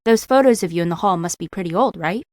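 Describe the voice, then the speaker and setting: A woman's voice: on the low side, animated, fast talker, a little mellow, no room sound, studio quality, natural voice. A woman doing a cold, scheming young woman.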